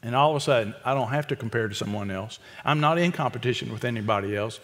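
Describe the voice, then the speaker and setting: A man preaching an expository sermon, emphatic and repetitive, with quick asides to the congregation. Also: mid-range voice, a bit bright, long reverb tail. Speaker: pastor.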